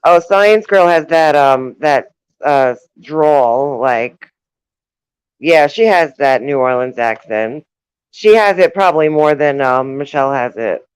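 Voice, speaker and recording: A woman's voice: low voice, slow, clear, resonant tone, dry recording, low-quality recording. A woman with a New York accent hosting a casual chat, talking loosely with lots of fillers and frequent laughs. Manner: chatty, laughs often, trails off with fillers. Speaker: host.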